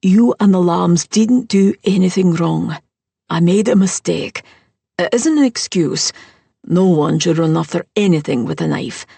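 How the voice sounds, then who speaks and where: Lady reading a sorry earnest guy, low raspy voice, dry sound. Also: unhurried, mellow, no echo, exaggerated voice. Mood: apologetic. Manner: earnest, apologetic. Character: remorseful man, earnest and apologetic. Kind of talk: audiobook character voice.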